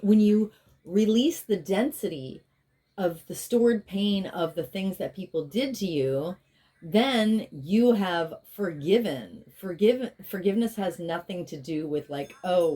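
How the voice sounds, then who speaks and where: A woman's voice: fairly low pitch, unhurried, warm tone. A woman giving a spiritual tarot reading in a rambling, chatty way, with stretches of chanted, repeated affirmations. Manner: rambling, chatty asides, drops into intense repeated incantations. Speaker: tarot reader and spiritual healer.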